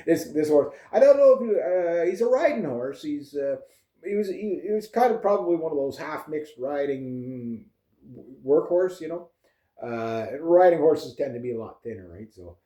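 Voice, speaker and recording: A man's voice: medium pitch, mellow. Rambling man, echoey room. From Canada. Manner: meandering, lots of uh and like, chuckling asides. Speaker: vlogger. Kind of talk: rambling casual monologue. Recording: roomy echo.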